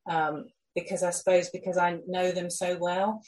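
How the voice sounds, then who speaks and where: Thoughtful woman, low voice. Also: flat delivery, moderate pace, darkish tone, low-quality recording. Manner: thoughtful, hesitant, with fillers. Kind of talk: casual conversation.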